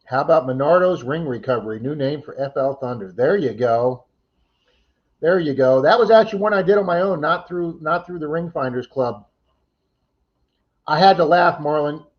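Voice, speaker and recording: A man's voice: a little high, fairly quick, highs cut off. A man hosting a casual livestream chat, thanking viewers by name and reading their comments. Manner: chatty, thanks viewers by name, laughs easily. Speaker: livestream host.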